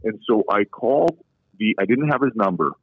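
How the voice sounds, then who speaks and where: Heard over a dry, thin phone connection, this man in his forties has a lowish, expressive voice with a breathy edge and a moderate pace. A podcast guest and ex-professional hockey player, he tells casual, long-winded, frank tales of his career.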